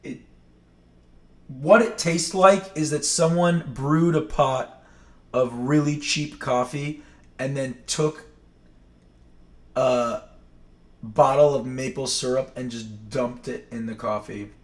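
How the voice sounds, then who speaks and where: A livestream host from Maine in New England chats casually, rambling and correcting himself as he goes. He speaks in a steady, mid-range voice at a slow pace with long pauses. The room sounds echoey and the mic is distant.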